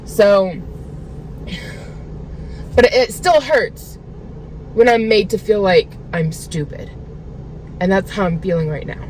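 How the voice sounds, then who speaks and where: In a rough recording with a little hiss or hum, a woman with a mid-range, darkish voice vlogs from her car, speaking slowly and pausing often. She vents her frustration to the camera in a casual, rambling way, full of filler words.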